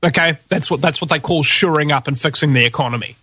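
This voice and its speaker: A man with a New Zealand accent delivering a scornful, mocking political rant. His voice swings from low muttering to high, shouted outbursts. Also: quick pace, slightly rough, dry recording. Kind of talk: ranting monologue.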